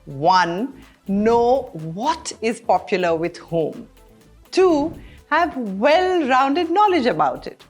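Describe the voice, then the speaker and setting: A woman hosting a scripted explainer, bright and expressive. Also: a little high, slow, soft background music. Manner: bright, clear, expressive delivery. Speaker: host.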